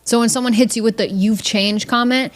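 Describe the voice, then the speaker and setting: A woman hosting a casual solo podcast, blunt and jokey, swearing freely and slipping into high mocking voices. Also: fairly even intonation, fairly quick. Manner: blunt, profane, jokey, mimics family members in high voices. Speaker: podcast host.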